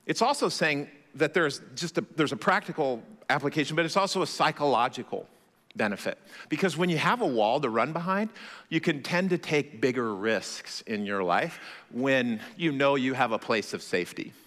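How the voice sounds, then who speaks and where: A man preaching a sermon as pastor, telling stories in a conversational, animated way with self-deprecating humor. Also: mid-range voice, moderate pace. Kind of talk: sermon with storytelling. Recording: long hall reverb.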